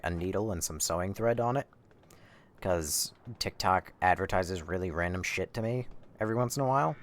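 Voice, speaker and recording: Deep-voiced young man streaming a game. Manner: rambling, swears, reacts loudly to the game. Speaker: livestreamer playing a horror game. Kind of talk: casual gameplay commentary.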